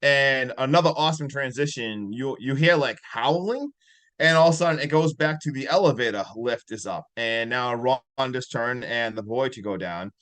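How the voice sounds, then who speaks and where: A man co-hosting a podcast, excitedly retelling a horror movie scene by scene with lots of "like". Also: mid-range voice, moderate pace. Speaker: podcast co-host. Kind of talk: casual movie review chat.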